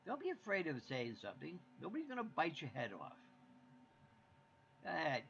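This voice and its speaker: A man's voice: on the high side, huge pitch swings, brisk, vocal fry, fairly bright tone. A man from the United States hosting a live stream, chatting to viewers in a rambling, jokey way. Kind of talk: casual chat to viewers. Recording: dull lo-fi stream audio with faint hiss.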